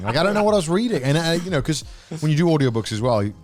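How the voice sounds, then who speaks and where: A man's voice: on the high side, expressive, racing, faint music behind. A man hosting a podcast in casual chat, teasing and swearing often. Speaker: podcast host.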